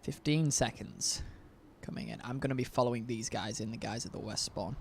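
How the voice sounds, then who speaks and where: A man's voice: mid-range voice, a little fast, vocal fry, a little hiss or hum. A man casting a live online game match, chatty and self-deprecating, rambling between play calls. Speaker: stream caster.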